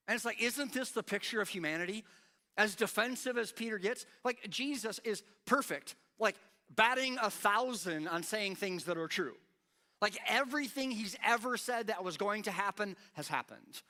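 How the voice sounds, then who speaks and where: A man preaching a sermon as pastor, animated and acting out quoted lines with rising intensity. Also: high voice, normal speed. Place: church.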